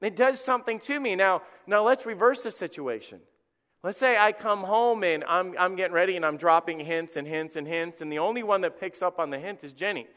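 High-voiced pastor preaching in a reverberant hall. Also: male voice, fairly quick. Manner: conversational, animated storytelling with acted quotes. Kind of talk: sermon. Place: church sanctuary. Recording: long reverb of a church hall.

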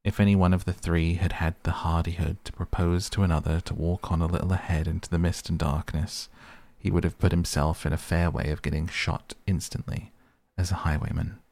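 A man narrating a classic novel as an audiobook in a measured, steady way. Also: low voice, no room sound. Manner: measured, even storytelling.

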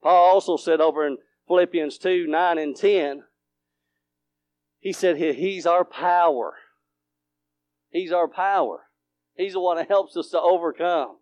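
A man preaching a sermon, swinging between fervent shouts and near whispers. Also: fairly high pitch, unhurried, pauses often, no room sound.

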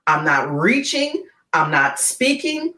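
A woman guest on a podcast interview, telling a dramatic story in an animated way and often checking in with "right?". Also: low-pitched, slow. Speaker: guest, keynote speaker. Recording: roomy echo.

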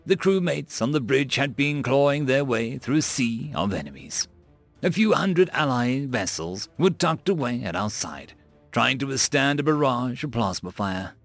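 A man narrating a science-fiction audiobook in a dramatic, expressive manner. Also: mid-range voice, moderate pace, creaky. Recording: dry close mic with faint music.

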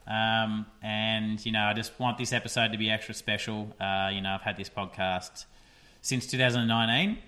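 A man's voice: lowish voice, little pitch movement, normal speed, sharp tone. A young man hosting a casual podcast, chatty and rambling with lots of fillers. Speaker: podcast host. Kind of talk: casual solo podcast chat.

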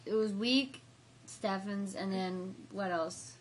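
A young woman telling a party story in casual chat, animated, with slangy, profane talk. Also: mid-range voice, slow pace, slight background noise.

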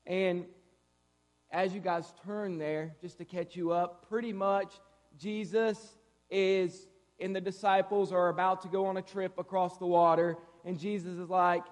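Lively high-voiced man preaching in a hall. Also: normal speed. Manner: lively, conversational preaching with playful asides. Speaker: guest preacher. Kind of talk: sermon. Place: church sanctuary. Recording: reverberant hall.

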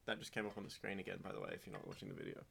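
An Australian man chatting on a podcast, his voice gravelly with a bit of fry. His pitch swings around a lot as he jokes and slips into mock narration. He keeps it loose and playful. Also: sing-song, racing, background noise. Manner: jokey, riffs with mock story narration. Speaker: podcast co-host. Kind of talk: casual podcast chat.

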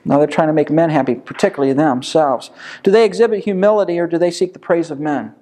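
A man with a slightly raised pitch teaches a small Bible study group in an easy, conversational way. He poses rhetorical questions one after another and answers them himself, as a teacher talking with his class. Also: fast talker, dark tone. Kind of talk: informal Bible study lesson.

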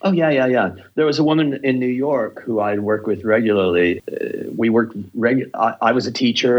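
A man's voice: fairly low pitch, husky, dull audio. A man who teaches improv, telling stories in a casual interview, passionate and full of swearing. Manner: profane, passionate storytelling.

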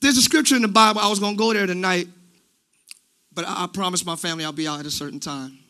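A middle-aged man preaching a sermon as pastor in a church, shouting his points with animated emphasis. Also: high-pitched, quick pace. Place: church sanctuary.

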